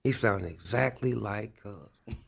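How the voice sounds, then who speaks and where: A rapper sits for an interview and spins his stories in a gravelly, slightly low voice. His talk is loose and profane, full of fillers as he circles back through memories. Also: slow. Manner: loose, profane, filler-heavy storytelling with frequent "like". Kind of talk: casual interview storytelling.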